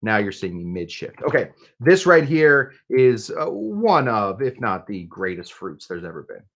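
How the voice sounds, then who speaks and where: A man's voice: on the low side, sing-song, measured pace, fairly bright tone. A man hosting a casual livestream cocktail demo, chatty, with jokey asides and frequent restarts. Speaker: bartender and show host.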